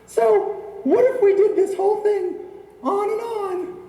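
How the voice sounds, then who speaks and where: Super high squeaky puppet, bossy and teasing, cackly, echoey room. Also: slow, dark tone. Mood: teasing, boastful. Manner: teasing, boastful. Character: brash orange-faced puppet, mocking and bossy. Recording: roomy echo, long reverb.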